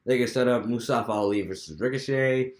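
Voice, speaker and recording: A man's voice: medium pitch, a little fast, darkish tone. A young man casually talking through his fantasy wrestling booking, rambling with many restarts. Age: young adult. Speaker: wrestling fan vlogger. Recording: echoey room.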